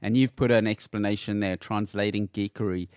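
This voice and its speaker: A man's voice: lowish voice, steady tone, a little fast, a little mellow, no echo, clean studio sound. A man hosting an interview, talking in a thoughtful way and repeating words as he chooses them. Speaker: podcast host. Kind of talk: conversational interview.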